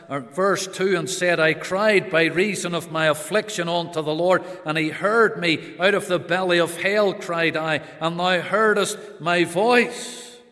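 A man preaching a sermon on prayer, slow and earnest, rising now and then for emphasis. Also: high-pitched, a bit bright. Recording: long hall reverb.

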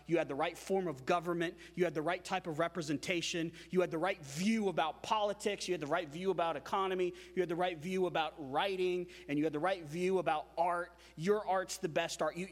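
A man preaching a sermon as pastor, emphatic and animated, with frequent repetitions. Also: high voice, in a large hall.

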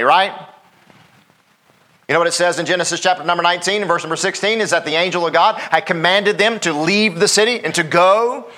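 A man's voice: sits high, bright, forceful tone. A middle-aged man, a pastor preaching a sermon in a folksy way, often asking the congregation "Amen?".

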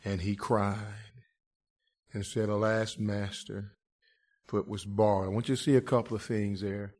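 A male preacher gives an impassioned sermon, his delivery swinging between quiet murmurs and loud shouts. He drops in rhetorical "huh?" asides and calls his listeners "friend," speaking at a moderate pace in a fairly low voice with little pitch movement.

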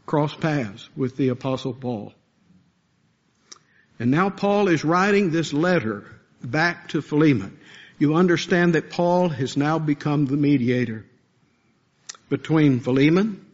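A man's voice: a little high, fairly bright tone, dull audio. A man preaching a sermon as pastor, earnest and building to impassioned pleas.

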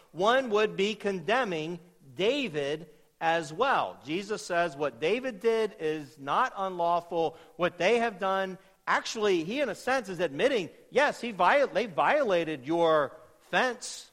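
A man preaching an expository sermon as a pastor, emphatic, with his voice climbing to loud peaks on key points. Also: sits high, animated, unhurried, big-room sound.

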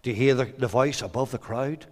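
A Northern Irish man preaching an evangelistic sermon, swinging from quiet low lines to loud shouted emphasis. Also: brisk. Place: church hall. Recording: hall reverb.

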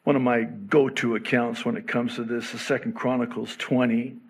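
A man preaching a sermon, slow and emphatic, with sudden rises in pitch on key words. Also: little pitch movement, husky. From half Egyptian father. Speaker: pastor.

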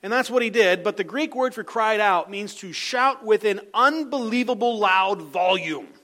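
High-voiced preacher, loud then hushed. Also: male voice, moderate pace. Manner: swings from loud emphatic calls to soft low asides. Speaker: pastor. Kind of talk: sermon.

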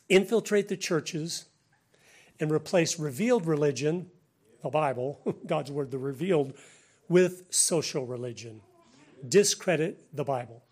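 A middle-aged American man giving a conversational sermon-style talk, animated and laughing between points. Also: on the high side, husky.

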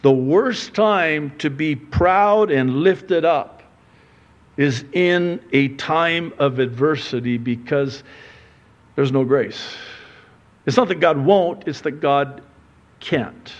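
Slow, earnest preacher man, dull recording. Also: fairly high pitch. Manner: conversational preaching with playful asides and acted-out quotes. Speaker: pastor. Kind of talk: sermon. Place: church sanctuary.

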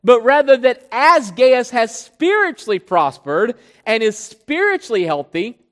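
An emphatic preacher delivering a scripture sermon at a mid pitch. Key words are stretched out slowly before the pace picks up again. The voice rings with the long reverb of a hall. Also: big pitch swings, fairly bright tone.

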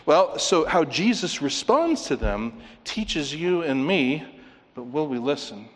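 A man's voice: fairly high pitch, very animated, takes it slowly. A man preaching from the pulpit with a slightly raised voice, pressing his points and asking his listeners questions. His words ring out with a long reverb through a church hall. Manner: emphatic, asks the congregation questions. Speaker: pastor. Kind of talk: expository sermon.

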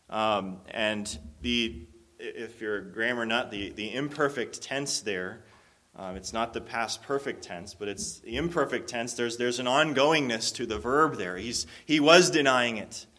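Man, pastor, sermon, earnest conversational explanation, bright tone. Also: medium pitch. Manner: earnest, explanatory, frequent restarts and filler.

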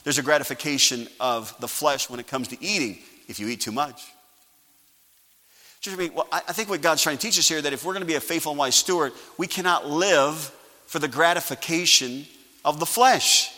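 A male pastor preaching a sermon, calling for amens and swinging from quiet asides to loud emphasis. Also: on the high side, a little fast. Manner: preaching with call-and-response. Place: church sanctuary. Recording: live church sanctuary with long reverb.

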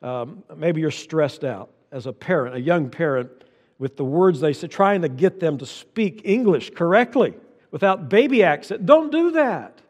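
A man's voice: on the high side, animated, moderate pace, in a large hall. An older man preaching a sermon, folksy and anecdotal, repeating key lines for emphasis. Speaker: pastor.

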